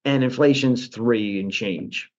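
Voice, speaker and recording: A man speaking as a guest in a financial interview, animated and full of restarts, mocking other people in quotes. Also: medium pitch, takes it slowly, highs cut off. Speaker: guest, portfolio manager.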